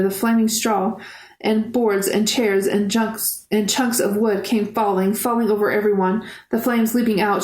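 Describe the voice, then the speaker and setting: A woman reading a novel aloud in steady first-person narration. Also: mid-range voice. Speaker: audiobook reader. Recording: roomy echo.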